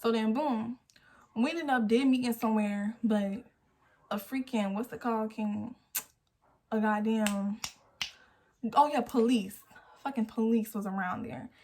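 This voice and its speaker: Animated young woman telling a story. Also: fairly high pitch, a little slow, long pauses, a little hiss or hum. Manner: animated storytelling, acting out quotes. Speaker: vlogger. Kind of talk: storytime vlog. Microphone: phone camera.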